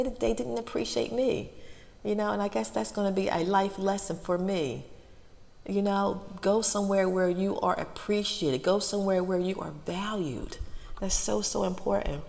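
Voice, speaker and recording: A middle-aged woman talks straight to her viewers in a low, gravelly voice. She stumbles and repeats herself, close to tears, and a long reverb trails each phrase. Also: darkish tone. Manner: halting, repeats her words, near tears. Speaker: ASMR channel host. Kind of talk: emotional casual talk to viewers.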